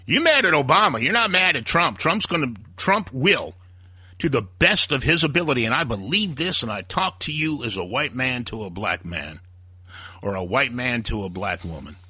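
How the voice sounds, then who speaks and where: Heated male talk radio host with a sharp, husky voice and lively, swinging delivery. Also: medium pitch, moderate pace, no room sound, studio quality. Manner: ranting, heated, acts out quoted voices. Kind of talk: opinionated talk radio monologue.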